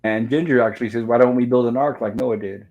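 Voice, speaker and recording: A man's voice: medium pitch, fast talker, a little mellow, lo-fi sound. A man hosting a casual recap show, retelling scenes and reading the characters' lines aloud in an easygoing way. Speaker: show host. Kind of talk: casual episode recap chat.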